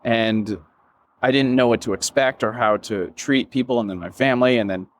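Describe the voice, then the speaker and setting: A business founder, interviewed as a guest, talks candidly and emotionally in reflective interview talk. He rambles with many fillers, self-quotes, and some swearing. His voice is medium-pitched at normal speed.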